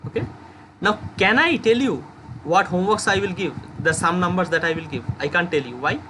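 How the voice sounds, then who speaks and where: A man's voice: sits high, animated, a little fast. A young man with an Indian English accent teaching an online class, explaining with many "okay" checks and worked examples. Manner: explains with repeated okays and supposed examples. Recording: background noise, passing vehicles.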